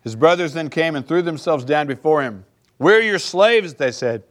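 A man's voice: a little high, animated, normal speed. A male pastor preaching a sermon in a conversational way, often checking in with the listeners by asking "right?".

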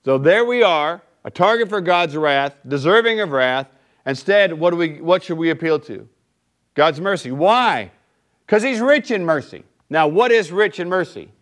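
A man's voice: on the high side, expressive, moderate pace, fairly bright tone. Conversational man preaching a sermon. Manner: conversational, keeps asking "right?". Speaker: pastor.

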